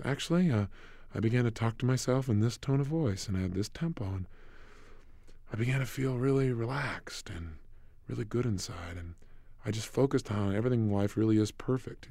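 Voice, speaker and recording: A man puts on a relaxed client sinking into calm, his voice slow, hushed and soothing. It rests low and soft, with a gravelly edge, in a dry close sound. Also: no room sound, lightly acted. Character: calm relaxed adult client recalling peace.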